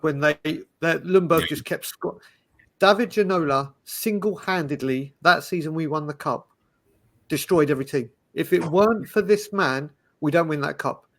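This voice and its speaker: Bloke telling stories on a podcast, lively, keeps restarting, bit high-pitched. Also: male voice. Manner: animated, storytelling, restarts often. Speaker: podcast panelist. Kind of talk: casual chat.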